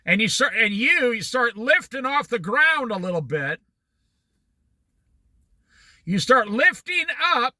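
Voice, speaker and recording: A man's voice: very high-pitched, sing-song, takes it slowly, long pauses, bright, forceful tone, dry recording. A man giving a motivational talk in a folksy way, repeating his points for emphasis. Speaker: speaker.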